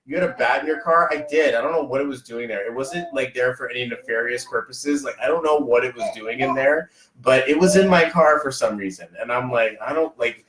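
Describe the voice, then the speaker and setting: A man hosting a podcast, chatting casually and motivationally, telling rambling, animated stories full of fillers. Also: medium pitch, fairly quick, few pauses, reverberant, low-quality recording. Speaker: podcast host.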